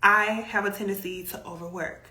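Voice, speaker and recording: A woman with a Southern US accent hosts a casual self-care talk, chatty and emphatic with playful asides. Her voice sits at an ordinary middle pitch. The room around her rings with audible echo. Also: steady tone, normal speed, sharp tone. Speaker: self care coach and host. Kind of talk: casual advice monologue.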